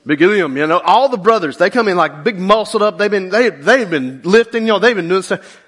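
A male pastor preaching with a lilt and a bright, ringing tone. His pitch swings widely as he jokes with the congregation, then sinks low and slow to drive home a point. The delivery is animated throughout. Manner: drops to a low, slow intensity for key points. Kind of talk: sermon.

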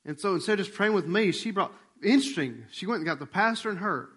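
Speaking fast with a breathy edge, a male pastor delivers a storytelling sermon in a relaxed, chatty style. His voice runs slightly higher than typical for a man, and he animatedly acts out remembered dialogue, dropping almost to a whisper in tender moments.

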